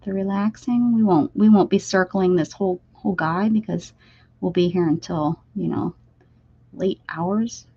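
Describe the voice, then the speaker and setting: Her lowish, husky voice is mellow and unhurried, with no room sound. This Pennsylvania woman runs a casual art livestream, chatting directly to viewers as she draws and occasionally dropping to a whisper, all over slightly dull lo-fi stream audio.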